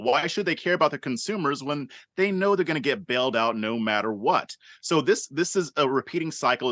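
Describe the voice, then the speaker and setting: A man's voice: mid-range voice, bright, forceful tone, dry recording. A man on a panel show, giving his opinion emphatically and repeating points for stress.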